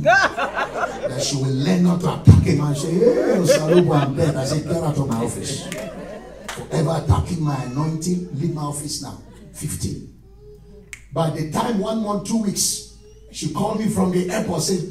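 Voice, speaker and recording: A man preaching an animated sermon as pastor, swinging between shouted lines and low asides. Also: moderate pace. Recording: echoey church hall from far off, with music.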